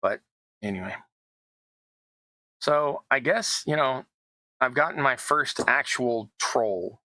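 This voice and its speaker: A middle-aged terrain-crafting YouTuber chats casually while building tabletop terrain, his mid-range voice slow, pushed, and bright. He rambles into asides and pokes fun at himself, on a dry, low-quality recording.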